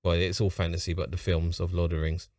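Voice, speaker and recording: A man's voice: low voice, level tone, fast talker, darkish tone, dry recording, studio quality. A man with a London accent hosting a reaction video, talking in a rambling, offhand way and chuckling at his own remarks. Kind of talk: casual reaction commentary.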